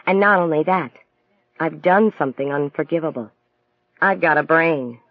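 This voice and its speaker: A bright young Southern woman, read by a man, teasing and direct, slipping into a light drawl now and then. Her soft voice sits a little high and comes through a slightly muffled, dry recording. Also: moderate pace, dry recording, lightly acted. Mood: wry, teasing.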